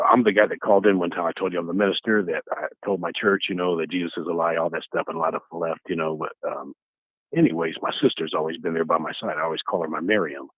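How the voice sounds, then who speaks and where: A male caller tells a long story in a rambling, casual way. His voice is lowish and husky. It comes through a tinny phone line that strips out the highs. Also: no room sound. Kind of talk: telling a story on a call-in show.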